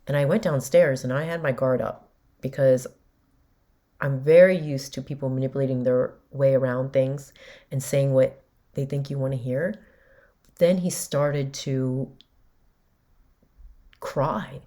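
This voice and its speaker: A woman's voice: rumbling low, fairly even intonation, a little slow, pauses often, mellow. A woman host candidly recounting a personal story in a conversational way. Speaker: podcast host.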